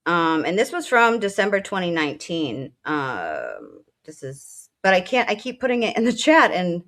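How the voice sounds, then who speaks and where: A woman's voice: on the low side, huge pitch swings, moderate pace, fairly bright tone. A woman who is a military veteran, co-hosting a casual political talk show, speaking bluntly and with feeling, full of fillers and profanity. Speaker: co-host.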